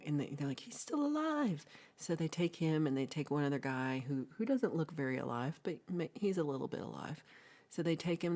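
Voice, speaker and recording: Low, mellow woman telling a rambling story. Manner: rambling, playful storytelling with asides. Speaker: livestream host. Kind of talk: casual chat, retelling a film.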